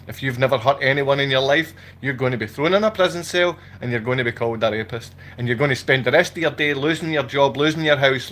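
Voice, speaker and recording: A man's voice: mid-range voice, a bit bright. Agitated man ranting. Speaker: vlogger. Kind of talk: impassioned livestream monologue. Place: at home indoors.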